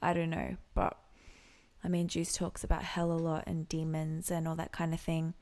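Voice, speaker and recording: Gravelly low-voiced woman musing softly. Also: monotone, normal speed. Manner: reflective, soft-spoken, drifting into whispered asides. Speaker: music reaction vlogger and singer. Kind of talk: casual reaction commentary.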